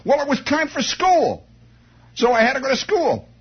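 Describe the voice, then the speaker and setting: Male storyteller, animated and digressive, swooping delivery, muffled old recording. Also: very high voice, moderate pace. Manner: animated, digressive, breaks into laughter and sound effects. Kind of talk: rambling comic storytelling monologue.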